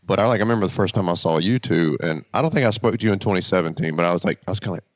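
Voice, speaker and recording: A man guest on a podcast, relaxed in casual chat and often chiming in to agree. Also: low-pitched, racing, dry recording.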